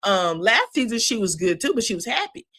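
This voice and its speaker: A woman's voice: on the high side, big pitch swings, a little fast, fairly bright tone, slightly rough. A woman giving a chatty, sassy recap of a reality show, full of asides. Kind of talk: casual recap commentary.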